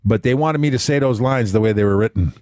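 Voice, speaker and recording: A man's voice: medium pitch, fast, a little mellow, dry recording, studio quality. A man who is a guest on a podcast, telling anecdotes and acting out lines from his stories. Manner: anecdotal, does character voices in stories. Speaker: guest, actor. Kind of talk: casual chat.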